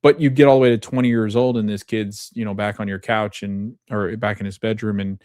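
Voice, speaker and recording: Male podcast host, low voice, chatty and loose, laughs a lot while recapping a show. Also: fairly quick, dry recording, studio quality. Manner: chatty and animated, many fillers, laughs often. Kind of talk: casual TV episode recap.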